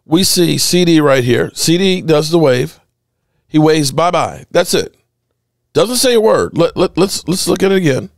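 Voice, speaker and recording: A man's voice: a little high, normal speed, no echo, clean studio sound. A man hosting a sports podcast, ranting indignantly over game clips and repeating his points. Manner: animated, indignant, repeats himself.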